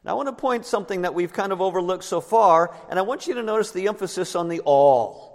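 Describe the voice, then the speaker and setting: Male pastor, slightly higher-pitched, emphatic sermon delivery, long church reverb. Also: expressive. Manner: emphatic preaching, slows down on key words. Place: church sanctuary.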